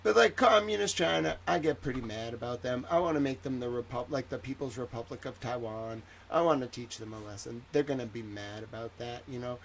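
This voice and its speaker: A man hosting a livestream in a rambling, jokey way, swinging between loud bursts and soft asides. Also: medium pitch, a little fast, gravelly, few pauses, slight background noise. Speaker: livestream host. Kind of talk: casual livestream chat.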